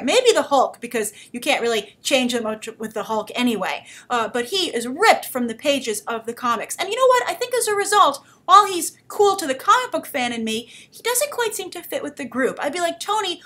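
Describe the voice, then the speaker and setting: A woman's voice: fairly high pitch, a bit bright. A woman hosting a movie news show, giving chatty, enthusiastic fan opinions. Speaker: host.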